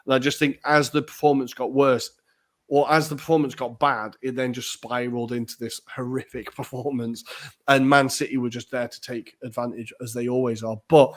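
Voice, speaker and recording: A man's voice: medium pitch, level tone, moderate pace. A man co-hosting a podcast, chatting casually and animatedly about football, swearing now and then. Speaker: podcast co-host.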